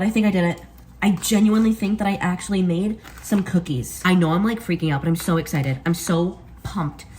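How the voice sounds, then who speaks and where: A woman filming a casual baking vlog in her home kitchen, excitable and quick to gasp and exclaim. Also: fairly low pitch, background noise. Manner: excitable, gasps and exclaims often. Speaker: vlogger.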